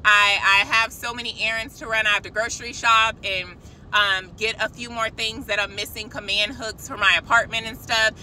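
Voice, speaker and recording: A woman giving an excited, preachy spiritual message to her viewers from a parked car, calling them y'all. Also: fairly high pitch, normal speed, a little hiss or hum, poor audio. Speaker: christian vlogger. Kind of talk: casual spiritual vlog. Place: parked car outside a shop.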